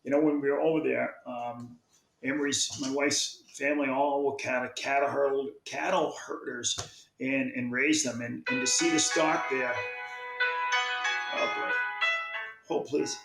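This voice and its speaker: A man's voice: medium pitch, fairly even intonation, moderate pace, creaky, echoey room, loud music behind the voice, poor audio. A man, a fishing magazine publisher, telling a long story in casual chat, rambling along and restarting his sentences often. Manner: rambling, with many restarts and repeated words.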